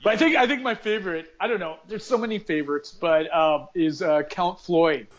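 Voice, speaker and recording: High-ish voiced guy cohosting a podcast, rambly casual chat. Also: a little fast, slight background noise. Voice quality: chatty, trails off. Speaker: podcast co-host.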